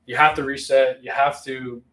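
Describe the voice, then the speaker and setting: A man's voice: mid-range voice, level tone, normal speed, fairly bright tone. A man co-hosting a casual podcast, easygoing and agreeable, full of fillers. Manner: easygoing, affirming, many fillers. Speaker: podcast co-host. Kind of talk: casual livestream chat. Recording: distant from the mic.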